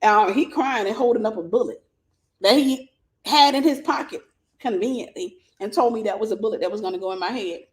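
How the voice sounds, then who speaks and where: A woman host telling a personal story and giving dating advice in a lively, casual way, often breaking into laughter. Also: on the high side, brisk. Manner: animated, bursts into laughter, vernacular.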